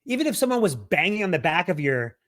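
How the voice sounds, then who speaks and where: Higher-voiced laughing podcast co-host. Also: male voice, very animated, fast talker, fairly bright tone. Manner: laughs easily, stammers and restarts while thinking aloud. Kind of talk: casual podcast chat.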